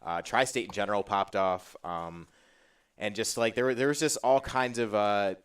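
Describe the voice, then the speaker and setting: Man, low voice, rambling casual panel chat, lots of fillers, a bit distant from the mic. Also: moderate pace, a bit bright, smooth. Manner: rambling with many fillers and restarts. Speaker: podcast host.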